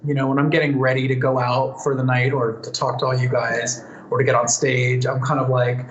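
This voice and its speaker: A man's voice: medium pitch, flat delivery, brisk, lo-fi sound, a little hiss or hum. A man answering fan questions in a casual live Q&A, chatty and thoughtful, with plenty of fillers and restarts. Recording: roomy echo, faint ambience.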